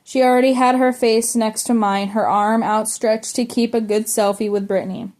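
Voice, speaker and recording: A woman's voice: fairly high pitch, fairly even intonation, normal speed, a little mellow. A woman reading a memoir aloud, now and then tripping over words and starting them again. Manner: stumbles and restarts words while reading. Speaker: audiobook reader.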